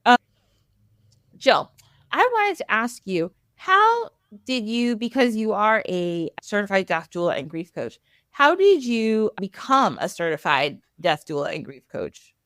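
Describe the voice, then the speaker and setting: Bubbly woman podcast host, lively pitch. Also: measured pace, no room sound, clean studio sound. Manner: bubbly, giggly, animated. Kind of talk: casual podcast interview.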